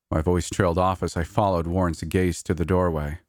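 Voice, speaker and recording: A man reading a horror audiobook in a steady, measured way. His voice is very low, and the recording is dry and close, with no room echo. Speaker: narrator.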